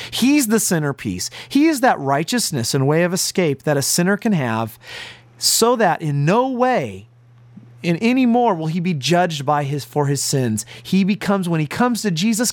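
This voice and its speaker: Male preacher, earnest and emphatic, animated delivery, dry recording. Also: on the high side, dry recording. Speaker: pastor. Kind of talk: sermon. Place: broadcast to listeners at home and on the road.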